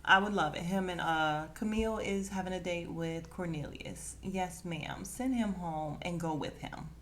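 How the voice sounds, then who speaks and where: A woman hosting a podcast, recapping a reality dating show in a sassy, animated way. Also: fairly low pitch, normal speed. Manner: sassy, animated, quotes cast members with attitude. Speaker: podcast host.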